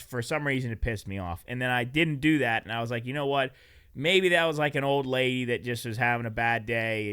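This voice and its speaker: A man's voice: mid-range voice, pushed and bright, clean tone, no echo, studio quality. A man co-hosting a podcast, telling rambling, self-deprecating stories in casual chat. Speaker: podcast co-host.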